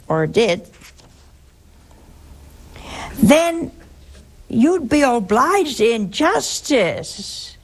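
An older woman with a gravelly voice speaks at a very slow, deliberate pace. She hosts a call-in religious show and teaches scripture to a caller, and she stresses her main points by repeating them. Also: on the high side. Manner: slow, emphatic, repeats key phrases. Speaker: host answering a caller.

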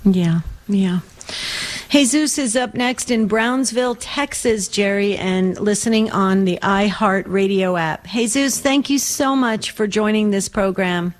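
A woman's voice: medium pitch, unhurried. Woman radio co-host, chatty and empathetic with callers. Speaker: radio talk show co-host. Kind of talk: call-in radio chat.

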